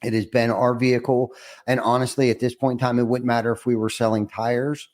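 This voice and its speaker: A man's voice: medium pitch, level tone, a little fast, darkish tone. A man hosting a casual podcast interview, earnest and reflective, often restarting his words. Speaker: podcast host.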